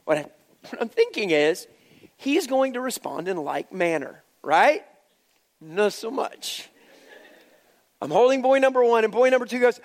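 Pastor guy preaching, high-pitched voice, goes from quiet and serious to loud and animated. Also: moderate pace. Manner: animated storyteller, swings from hushed to loud. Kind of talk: sermon.

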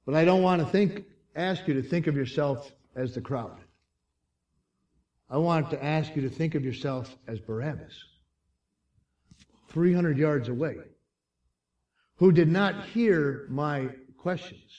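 A man preaching a sermon, telling the story dramatically and swinging from hushed lines to shouts. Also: a little high, unhurried, pauses often, far from the mic.

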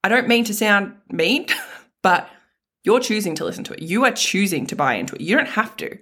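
A woman's voice: medium pitch, lively intonation, brisk, a bit bright, husky. A woman hosting a motivational self-help talk, speaking frankly and casually with some mild swearing and lots of emphatic repetition. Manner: emphatic, repeats key phrases. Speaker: self-help podcast host.

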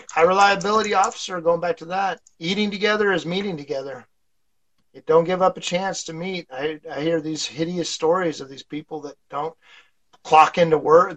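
A man's voice: a little high, a bit bright, low-quality recording. A man being interviewed on a casual podcast, telling stories in a rambling way with lots of fillers and chuckles. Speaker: podcast guest, fire instructor.

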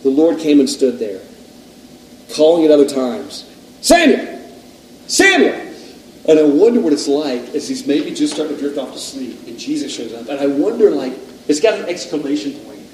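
A man's voice: mid-range voice, expressive, brisk, dark tone. Male pastor, casual sermon, quizzes the crowd, faint background hum, echoey room. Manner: conversational, self-deprecating, asks the audience questions. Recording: echoey room, distant mic.

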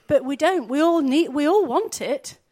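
A woman's voice: high-pitched, lively intonation, moderate pace, mellow. A woman, preaching a sermon in an earnest, conversational way, often asking her listeners questions.

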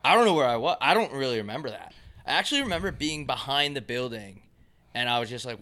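A man co-hosting a casual podcast, ranting loudly and swinging his voice up and down as he jokes. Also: quick pace. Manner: loud, animated ranting with big pitch jumps. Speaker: podcast co-host.

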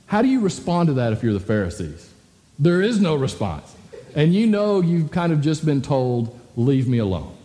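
A man's voice: fairly high pitch, big pitch swings, normal speed, mellow, in a large hall. A male pastor giving a conversational sermon to a congregation, asking frequent rhetorical questions. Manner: conversational, full of rhetorical "right?" asides. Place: church hall with a congregation.

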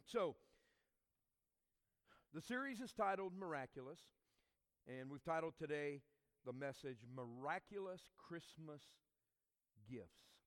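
A male pastor preaching a sermon, moving between loud emphatic lines and quiet asides. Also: fairly high pitch, in a large hall. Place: church sanctuary.

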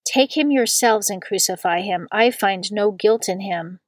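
A woman's voice: medium pitch, unhurried, no room sound, natural voice. A woman reading as a stern Roman governor. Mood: questioning.

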